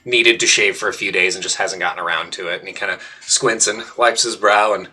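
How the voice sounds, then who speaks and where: A man running a tabletop game, narrating scenes loosely with plenty of fillers. His voice is on the low side with a very bright, forceful edge. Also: fairly even intonation, brisk. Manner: loose, descriptive, with many fillers. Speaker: game master.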